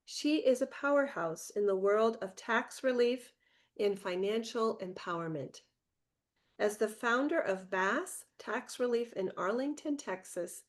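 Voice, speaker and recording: A woman's voice: mid-range voice, darkish tone. A woman hosting an online book-launch interview, who reads an introduction and then responds with affirming murmurs. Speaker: host.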